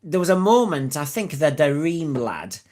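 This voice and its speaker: An English man co-hosts a fan podcast in casual chat. His pitch rises and falls a lot as he makes emphatic, indignant points. He often breaks into laughter. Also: sing-song, normal speed, darkish tone, a little hiss or hum. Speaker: podcast co-host and streamer.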